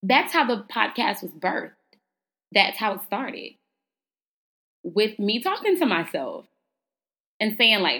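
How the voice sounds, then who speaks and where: A woman's voice: medium pitch, very animated, a little slow, long pauses, sharp tone. A young woman hosting her own podcast, talking casually and preachily to her listeners. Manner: casual, chatty and preachy, addresses listeners as y'all. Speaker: podcast host. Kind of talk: motivational solo podcast talk.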